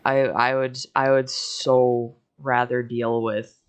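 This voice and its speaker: A woman's voice: very deep voice, little pitch movement, slow pace. A young woman chatting casually while playing a game, laughing often and yawning from lack of sleep. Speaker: streamer co-host. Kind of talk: casual chat while gaming.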